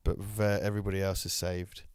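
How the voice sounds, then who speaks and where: A man's voice: low voice, little pitch movement, fairly quick, a little mellow, clean tone, no room sound, studio quality. A man co-hosting a casual film commentary, making crude jokes and laughing often. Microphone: lapel mic.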